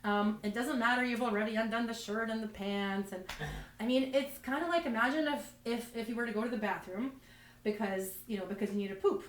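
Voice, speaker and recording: A woman does stand-up, rambling through self-deprecating stories and restarting often. Her voice is a little high and fairly quick. The mic is distant in a roomy space, with slight background noise.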